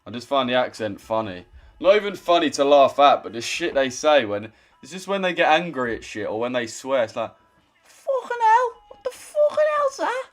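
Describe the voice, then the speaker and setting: A man's voice: medium pitch, lively intonation, fairly quick, faint music behind. A young man chatting casually on a trading live stream, swearing and teasing viewers. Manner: swearing, banters with chat. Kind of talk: casual live-stream chat reading comments.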